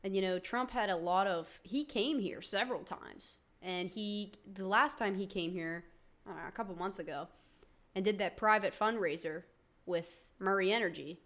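A woman's voice: medium pitch, normal speed, a bit bright. A young woman from West Virginia in casual political chat, blunt and profane, ranting with heat. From West Virginia, USA.

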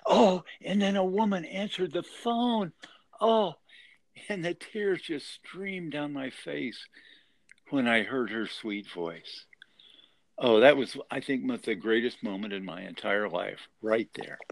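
A man's voice: mid-range voice, animated, unhurried, vocal fry, no echo. A man in his sixties earnestly telling a personal survival story as an interview guest. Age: 60s. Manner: earnest, emotional retelling.

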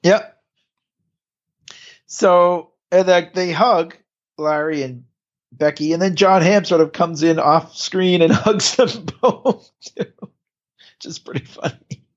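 A man's voice: high-pitched, slow pace, pauses often, dull audio. A man co-hosting a podcast, recapping a TV episode in casual chat, rambling with restarts and laughs. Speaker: podcast co-host.

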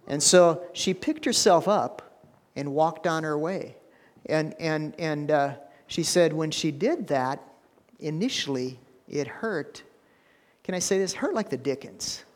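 A middle-aged man preaching a sermon as pastor, folksy and repeating his words, rising to loud preaching. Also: fairly high pitch. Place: church sanctuary. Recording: long church hall reverb.

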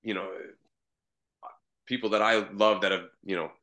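Guest spot: Canadian man, lowish bright voice, loose rambling talk. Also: steady tone, normal speed. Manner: easygoing, rambling, with frequent restarts. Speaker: guest comedian and voice actor. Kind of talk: casual interview chat.

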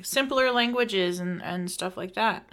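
A woman's voice: medium pitch, unhurried, over a noisy crowd. A young woman co-hosting a casual gaming news podcast, joking easily and laughing along with her co-host.

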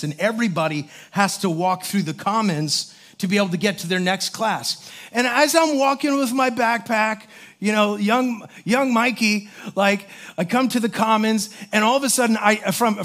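A man preaching a sermon as a pastor, telling a story in an animated way and acting out the voices of the people in it. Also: high-pitched. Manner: animated storyteller, acts out voices, many fillers.

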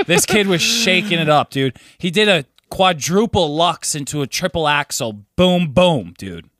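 A man's voice: a little high, animated, a little slow, a bit bright, no echo, clean studio sound. A young man co-hosting a podcast, telling stories in a laid-back, profane way with lots of "dude". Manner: laid-back storyteller, swears, says dude a lot. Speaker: podcast co-host. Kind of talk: casual chat.

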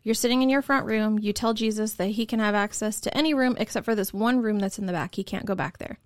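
Woman, co-host, church talk, steady explaining, dry close sound. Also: medium pitch, quick pace, no room sound. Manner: steady, explanatory, laughs easily.

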